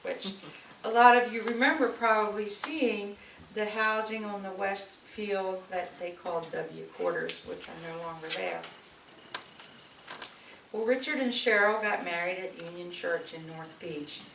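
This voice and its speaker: Speaking a little slowly in a medium pitch, a local woman addresses an anniversary gathering with affectionate stories from her own life, delivered like a public speech. The recording picks up room echo and faint noise from a far-off microphone.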